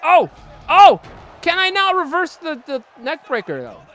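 A young man hosting a gaming video, giving excitable, jokey let's-play commentary and laughing often. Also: very high-pitched, a little slow. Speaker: gaming channel host.

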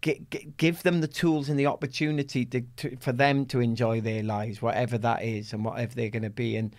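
Speaking in a mid-range voice at a fairly quick pace, the Welsh man in middle age recounts a personal story as an athlete guest in an interview. He's animated throughout, performing the voices he quotes.

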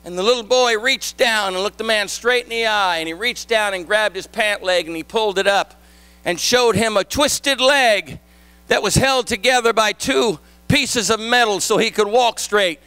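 A male pastor preaches at a moderate pace, his very high, bright, sharp voice smooth and free of echo. The sermon shifts from a gentle story into emphatic shouting.

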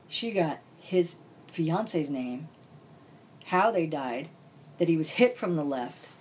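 A woman's voice: deep voice, a little mellow, slight background noise. A woman author, a podcast guest, telling a personal story in a blunt, casual way and swearing freely. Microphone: podcast mic.

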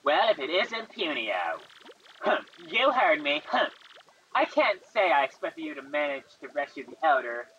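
A woman's voice: low voice, sing-song, moderate pace, pushed and bright, recorded from a distance, dull audio, a little hiss or hum, exaggerated voice. A woman voicing a stubborn, sarcastic young creature rival. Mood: sneering. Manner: sneering, sarcastic.

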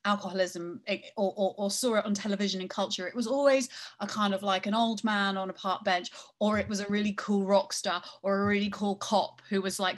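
A woman's voice: medium pitch, fairly bright tone. A woman hosting a conversation with authors, speaking hesitantly with many restarts. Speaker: event host interviewing authors. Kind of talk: casual discussion.

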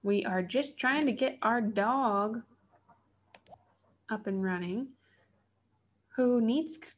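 This woman speaks slowly at a fairly high pitch, with long pauses between thoughts. Probably in her thirties, she's a gaming channel host doing relaxed let's play commentary, chatting wryly to herself as she builds.

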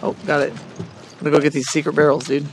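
A man's voice: on the high side, fast talker, loud music behind the voice. Goofy young man joking through a co-op game. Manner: goofy, laughs often, reads lines in a mock deadpan. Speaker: gaming channel co-host. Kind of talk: casual gameplay banter.

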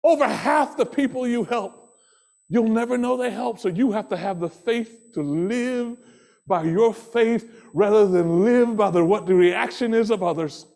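A man preaching a sermon as pastor, impassioned, shouting some phrases and dropping soft on others, repeating rhythmic refrains. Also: extremely high pitch.

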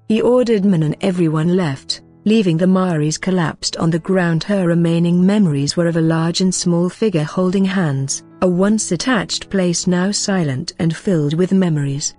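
Husky, low-pitched woman narrating a story. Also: normal speed, hardly any pauses, soft background music. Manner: flat reading that voices speaker tags aloud. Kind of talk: scripted story recap narration.

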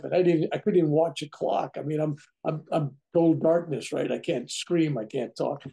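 Older guy in his 70s, gravelly dark voice, acts out the back-and-forth as he tells it. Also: a little high, a little fast. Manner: acts out quoted dialogue, tags lines with "right?". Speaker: interview guest. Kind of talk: casual storytelling.

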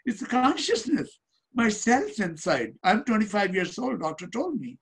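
A man's voice: high voice, sing-song, normal speed, slightly rough. A man speaking as a yogi guest, preaching uplifting ideas in simple broken English. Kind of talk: casual interview talk.

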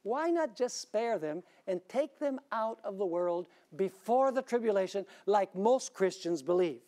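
A male pastor delivering a sermon, asking rhetorical questions and swinging suddenly between loud, high emphasis and quiet lows. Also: lively intonation, a little slow.

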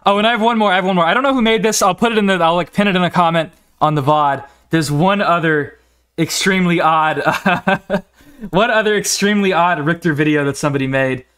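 A man's voice: sits high, a little fast, fairly bright tone, clean tone. A young man streaming a game, rambling in casual, profane talk, often restarting sentences and laughing between words. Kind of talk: casual live-stream gaming commentary.

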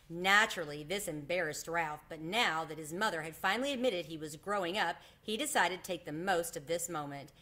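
Woman reading a kids' chapter book aloud, expressive, lowish voice. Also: a little fast, few pauses. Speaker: read-aloud host.

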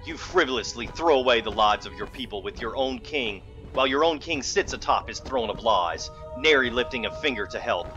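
A proud, defiant war lord. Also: male voice, medium pitch, animated, brisk, few pauses, pushed and bright, dull audio, faint music behind. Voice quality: stern, defiant. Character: defiant noble war leader, proud and grieving. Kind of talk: video game voice acting.

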